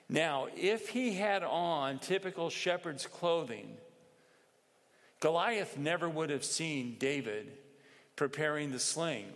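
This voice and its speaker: Slow-speaking male preacher in a reverberant hall. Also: a little high. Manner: measured, explanatory, with pauses and asides. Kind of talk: sermon.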